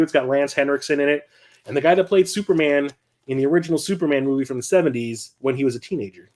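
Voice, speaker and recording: Man, middle-aged, fairly high voice, excitable rambling chat, casual swearing, home recording. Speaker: collector vlogger.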